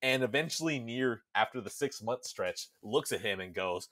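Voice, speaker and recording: A young man hosting a podcast in casual chat, animated and swearing freely as he acts out characters. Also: medium pitch, normal speed. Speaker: podcast host. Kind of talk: casual chat recapping a game.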